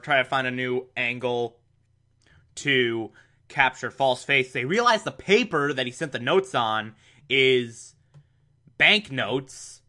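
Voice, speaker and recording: Reviewing an old TV episode in a casual monologue, this man is sarcastic and exasperated, with abrupt pitch jumps for emphasis. His voice sounds pushed and bright.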